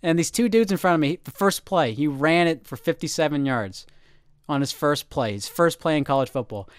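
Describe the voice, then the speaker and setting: A man's voice: a little high, a little fast, no room sound. A man co-hosting a casual sports podcast, telling stories with animation and acting out the quotes. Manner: animated storyteller, acts out quotes. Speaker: podcast co-host.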